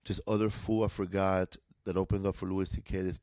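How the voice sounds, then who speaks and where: Chatting casually in a podcast studio, this East Los Angeles comedian spins loose, laughing, profane stories. He speaks briskly in a low, level voice with a darkish tone, and there's no echo.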